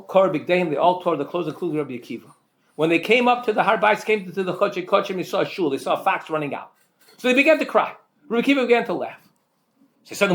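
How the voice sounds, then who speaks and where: Male Torah teacher, high voice that swings widely, emphatic lecture delivery full of rhetorical questions. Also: gravelly. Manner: repeats words when restarting.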